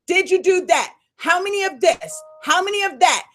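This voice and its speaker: A woman coach hosting a live Q&A call, fired up and loud, calling her listeners y'all. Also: very high-pitched, lively intonation, normal speed.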